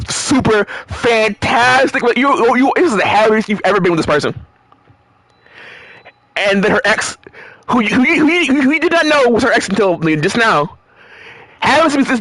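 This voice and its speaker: A man's voice: sits high, a bit bright, dry recording. A man streaming a game live, rambling animatedly, laughing often and swearing freely.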